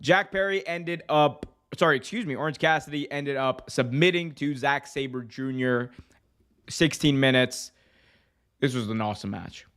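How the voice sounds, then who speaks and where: A man's voice: medium pitch, normal speed, a bit bright. A man co-hosting a podcast, talking through wrestling matches in an enthusiastic, conversational way and correcting himself as he goes. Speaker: podcast co-host. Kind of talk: casual wrestling review chat.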